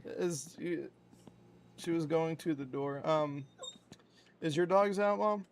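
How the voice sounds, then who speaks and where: A man with a fairly high voice talks casually to his stream audience. He swears freely and keeps scolding his dog in between his stories, with a faint hiss of noise underneath. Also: slow. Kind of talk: casual chat on a live stream.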